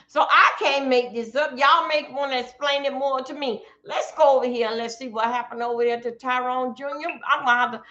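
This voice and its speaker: A woman's voice: sits high, bright, forceful tone, muffled recording. A woman from Florida, giving blunt casual commentary to her live-stream chat from home.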